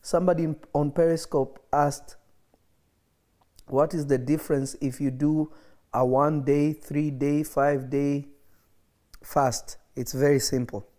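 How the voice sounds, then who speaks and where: A man's voice: a little high, level tone, slow pace, pauses often, darkish tone. A man preaching an emphatic livestreamed sermon, repeating phrases for effect, with coughs and laughs between points.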